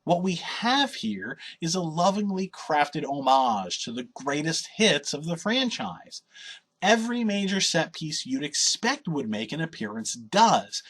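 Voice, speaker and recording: A man's voice: fairly high pitch, a bit bright, husky. A man reading a scripted video game review in an opinionated, wry and sardonic way.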